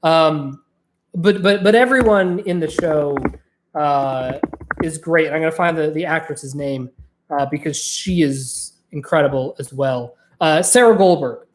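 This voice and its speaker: A woman's voice: sits low, unhurried, a little hiss or hum. A woman hosting a podcast in a casual solo monologue, chatty and swearing freely. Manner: chatty and profane, with frequent fillers. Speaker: podcast host.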